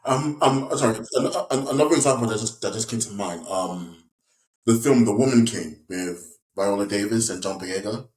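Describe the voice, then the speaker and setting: A man's voice: on the low side, normal speed, darkish tone. A young English man from West Yorkshire, an actor guest in a casual interview, talking in a rambling way with many restarts and fillers. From West Yorkshire, England. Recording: echoey room.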